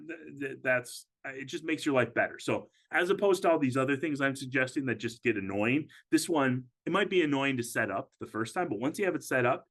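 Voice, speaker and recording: A man's voice: medium pitch, a bit bright. A man working as a financial advisor, giving a webinar presentation in a casual, conversational way with frequent fillers and restarts.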